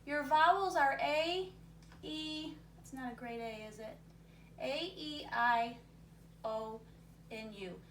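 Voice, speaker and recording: A woman teacher with a high, slightly bright voice speaks slowly, with long pauses, in a recorded reading lesson for young students. She guides them through a word game, encouraging them and thinking aloud. The sound is roomy and distant, with faint noise.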